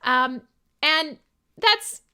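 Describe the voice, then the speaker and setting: A woman's voice: sits high, lively intonation, very slow, pushed and bright. A young adult woman hosting a live metal radio show, chatting irreverently with listeners, swearing and laughing often.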